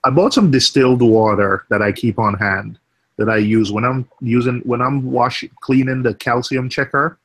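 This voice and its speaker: A man chatting on a live stream as a guest, relaxed and explaining at length with lots of "you know.". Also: mid-range voice, normal speed. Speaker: chat guest. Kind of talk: casual live-stream chat.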